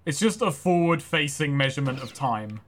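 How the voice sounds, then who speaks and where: A man's voice: fairly high pitch, expressive, a little fast, a bit bright, a little hiss or hum. A man casually chatting and joking while playing a game on a livestream, swearing freely and poking fun at himself. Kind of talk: casual gaming livestream banter.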